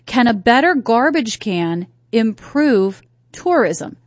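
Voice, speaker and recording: A woman's voice: on the high side, very animated, slow, dry recording. A woman from North Carolina hosting a talk radio show, chatting casually and asking her listeners rhetorical questions. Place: radio studio. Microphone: studio microphone.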